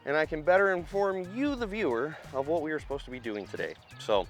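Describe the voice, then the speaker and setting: Man, equipment operator vlog host, casual rambling chat, self-deprecating, slightly high voice, outdoors at a worksite. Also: lively intonation, brisk, faint music behind. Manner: easygoing, rambling, self-deprecating, talks straight to viewers. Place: outdoors at a residential yard worksite.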